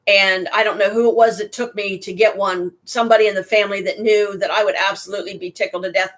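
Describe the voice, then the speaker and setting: A woman's voice: medium pitch, steady tone, fast talker, fairly bright tone. A woman telling personal stories casually, rambling and heartfelt, with frequent restarts and asides. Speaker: storyteller addressing a listener.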